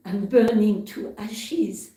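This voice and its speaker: Woman voicing old clay teacup, earnest, low-key and mellow, distant roomy sound. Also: animated, very slow. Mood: distressed. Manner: first-person storytelling, earnest. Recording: roomy hall, far from mic.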